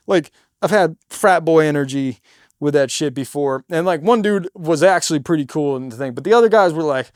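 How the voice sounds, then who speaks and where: A man's voice: on the high side, expressive, brisk, smooth, no room sound, studio quality. A man who sings in a cover band, giving casual, slangy advice on stage presence and swearing freely. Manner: demonstrates stage patter by suddenly getting loud.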